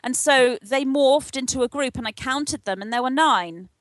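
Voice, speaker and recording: Older woman, fairly high voice, earnest storytelling, acts out dialogue, dry close sound. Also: normal speed, dry recording. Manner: earnest, animated retelling with acted-out dialogue. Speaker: guest, spiritual channel. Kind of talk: interview, personal storytelling.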